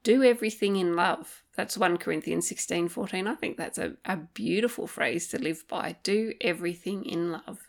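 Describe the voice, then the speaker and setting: Earnest woman podcaster, gentle and reflective. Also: fairly low pitch, animated, normal speed, creaky, few pauses. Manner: gentle, earnest, thinking aloud with many ums; faith-based encouragement. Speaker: podcast host. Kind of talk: reflective solo podcast talk.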